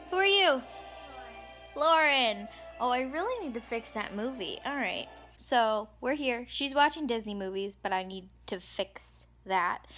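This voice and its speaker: A young woman vlogs casually about a book she's reading, gushing, emotional and often breathless, with scenes on a bus, at home and in a staff room. Her voice is fairly high-pitched and a bit bright.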